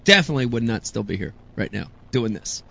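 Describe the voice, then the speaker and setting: A man hosting a call-in show, excitable, with loud bursts of enthusiasm. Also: lowish voice, quick pace, vocal fry. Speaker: host. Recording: dull lo-fi sound with faint noise.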